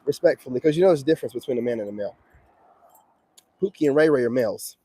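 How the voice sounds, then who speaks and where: A man's voice: medium pitch, animated, racing, warm tone, slight background noise. A man hosting a casual livestream, giving streetwise dating advice in a preachy manner and reacting to viewer comments.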